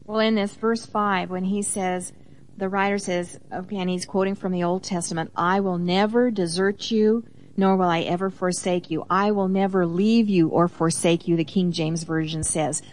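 A woman with a lowish, steady, darkish voice co-hosts a Christian teaching program at normal speed, with a little hiss or hum on the recording. She reads Bible verses with emphasis, explains them conversationally, and adds affirming interjections.

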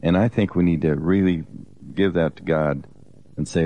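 A man's voice: sits low, fairly even intonation, normal speed, dull audio, a little hiss or hum. A man co-hosting a Christian teaching program, talking earnestly in a conversational, exhorting way, often restarting his sentences.

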